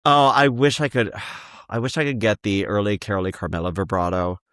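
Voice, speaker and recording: A man guesting on a podcast, chatting about musicals in an animated, joking way. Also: lowish voice, a little fast, clear, resonant tone, no echo, studio quality. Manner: animated, joking, slips into impressions. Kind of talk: casual chat about musicals.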